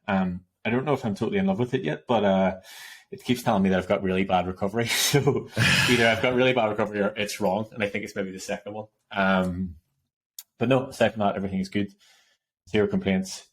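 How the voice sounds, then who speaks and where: A man co-hosting a casual podcast chat, telling stories in an animated way and laughing often. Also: on the low side, fast talker. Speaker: podcast co-host.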